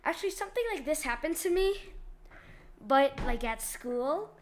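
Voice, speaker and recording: A woman with a high, bright-pitched voice hosts a laid-back video, reading online posts aloud. She talks in loose slang, giggles often, and jumps between loud outbursts and quieter asides. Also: lively intonation, normal speed, slight background noise. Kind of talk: casual commentary and reading aloud.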